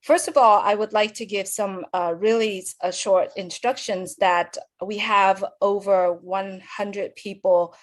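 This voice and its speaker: A woman moderating an online webinar, giving polite, halting instructions and thanking people often over a video call. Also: medium pitch, steady tone. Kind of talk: hosting an online meeting.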